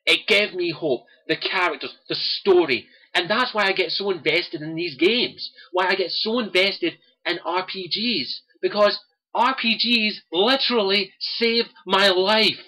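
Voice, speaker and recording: A man's voice: high-pitched, unhurried, sharp tone. A young Scottish man, host of a gaming livestream, speaking to viewers in an earnest, impassioned personal monologue and repeating his key phrases.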